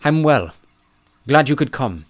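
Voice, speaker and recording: An arrogant teenage boy genius, crisp and superior in every word, performed by a man narrating an audiobook. He is pitched up slightly and speaks with careful precision. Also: very animated, unhurried. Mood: cool, haughty. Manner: precise, haughty.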